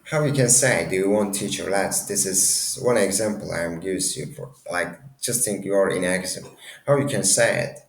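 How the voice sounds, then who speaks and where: Slow, gravelly low-voiced male teacher. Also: reverberant. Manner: halting, many restarts and self-corrections. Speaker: language teacher. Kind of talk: casual language lesson.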